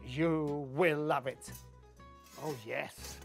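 A man's voice: fairly high pitch, takes it slowly, vocal fry, soft background music. A man with an Italian accent demonstrating a recipe as a chef, exuberant and exclaiming in broken English beside a wood-fired oven. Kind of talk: cooking demonstration.

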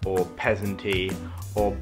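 A man's voice: sits low, completely flat delivery, a little slow, over music. A young British man talking to his camera in a hotel room, joking about himself. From Britain. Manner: jokey, self-mocking, swings into silly voices. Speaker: vlogger. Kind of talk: comedic vlog. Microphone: camera mic.

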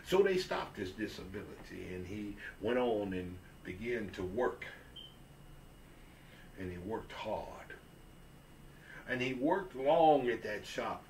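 Recorded from a distance with slight background noise, a man with a lowish voice tells a Christian story in a folksy, repetitive style. He raises his voice whenever he quotes characters.

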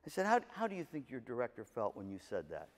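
Animated male motivational speaker in hall. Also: mid-range voice, fast. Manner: animated storyteller, acts out quotes, jokes with audience. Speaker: keynote speaker at music educators' session. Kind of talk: motivational storytelling speech. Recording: long hall reverb.

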